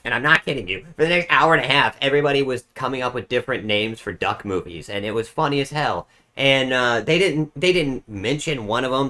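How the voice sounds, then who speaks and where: Bright-voiced rambling streamer, a man. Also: mid-range voice. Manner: rambling, animated, swears casually. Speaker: streamer reacting. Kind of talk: casual live reaction chat.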